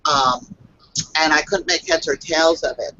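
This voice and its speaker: A woman who works as a psychic reader tells a personal story on a video call, halting and earnest, with many fillers and restarts. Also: low-pitched, pushed and bright, dull audio, slight background noise.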